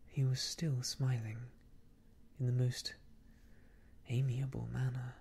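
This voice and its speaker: A man reading a classic tale aloud in soft, hushed, whispered ASMR storytelling. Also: mid-range voice, little pitch movement, slow pace, gravelly, long pauses, husky.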